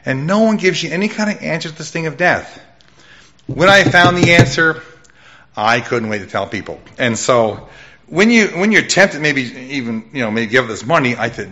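Middle-aged guy preaching his testimony, bright forceful voice, big pitch jumps, muffled old recording. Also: normal speed. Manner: animated storytelling with sudden pitch jumps; loud voice. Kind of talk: testimony sermon.

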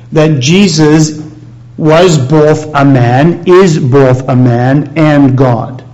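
Male preacher, slightly high voice, unhurried sermon delivery with thoughtful pauses. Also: darkish tone, muffled recording. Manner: slow, measured Bible teaching with frequent "uh" pauses.

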